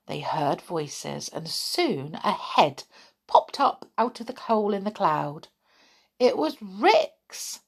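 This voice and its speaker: A woman's voice: on the low side, big pitch swings, slow pace, gravelly, breathy edge. A woman reading a children's story aloud, chatting to young listeners in a sing-song way.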